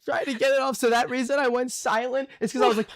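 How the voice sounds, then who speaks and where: A man's voice: extremely high pitch, flat delivery, fast, no room sound. A man hosting a stream, chatting casually and laughing at himself as he tells the story. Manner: self-mocking, laughs through his words. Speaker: streamer host. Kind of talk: casual chat.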